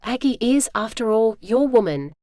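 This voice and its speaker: A man's voice: very high voice, expressive, normal speed, a little mellow, no room sound. A smug, scheming male librarian, falsely polite and oily, as a synthetic female voice reads him. Dry, close sound.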